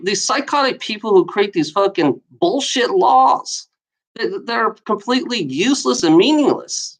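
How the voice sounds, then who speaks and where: This vlogger's voice sits at medium pitch with a slightly bright edge, captured on a poor recording. Reading odd laws one after another, they curse constantly, rant in exasperation, and scoff with laughter in the gaps.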